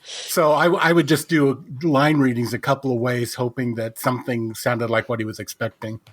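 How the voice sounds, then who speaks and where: A man on a podcast call with an ordinary mid-range pitch. He talks thoughtfully, correcting and rephrasing himself mid-sentence. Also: steady tone, normal speed. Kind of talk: casual chat.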